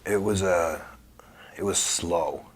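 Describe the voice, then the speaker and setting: A middle-aged former wrestler tells stories in an interview, acting out the dialogue with energy. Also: male voice, low-pitched, breathy edge. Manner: animated storyteller, acts out dialogue; subdued and halting on somber memories. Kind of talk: conversational storytelling.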